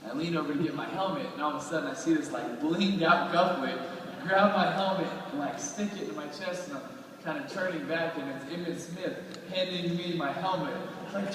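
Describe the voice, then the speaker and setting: A guest speaker from Florida tells stories to a live audience in a large hall, animatedly acting out the quotes. His voice runs on the high side and moves briskly. The recording is roomy, noisy, and captured from far off.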